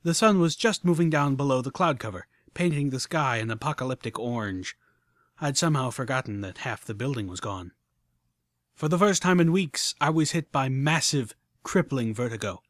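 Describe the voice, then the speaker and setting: Guy reading an audiobook, bouncy lively pitch, dry close mic. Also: normal speed, no room sound. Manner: animated first-person storytelling. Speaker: audiobook narrator. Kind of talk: expressive audiobook narration.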